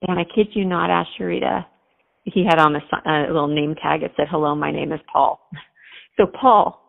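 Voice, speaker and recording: A woman's voice: sits low, normal speed, gravelly, big-room sound. A woman guest telling a heartfelt personal faith story in an earnest, chatty way. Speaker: podcast guest. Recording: tinny phone-like line.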